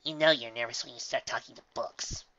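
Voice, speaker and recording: Man voicing a young filly in a storybook: soft, eager, bright, slightly dull lo-fi audio. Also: medium pitch, fairly quick, a little hiss or hum, natural voice. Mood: earnest. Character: young unicorn filly, earnest and emotional.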